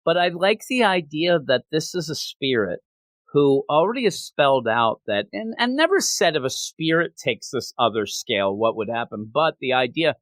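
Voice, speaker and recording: A man's voice: a little high, sing-song, moderate pace, fairly bright tone, dry recording. A man hosting a manga review podcast in casual chat. He talks with animation and often slips into quoting characters.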